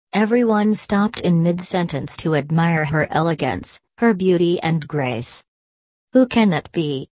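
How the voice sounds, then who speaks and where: Woman storyteller, low voice, dry close recording, measured fairy-tale narration. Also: dry recording. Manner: measured, expressive reading.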